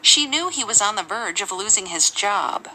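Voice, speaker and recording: Woman reading example lines, bright voice, bounces around a lot, faint room hum. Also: medium pitch, lively intonation, normal speed, low-quality recording. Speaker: English example reader.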